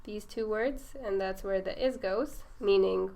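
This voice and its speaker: Patient woman teaching grammar, a bit gravelly. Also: mid-range voice, unhurried, warm tone. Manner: patient, checks understanding with "right?". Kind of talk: explaining grammar to a student.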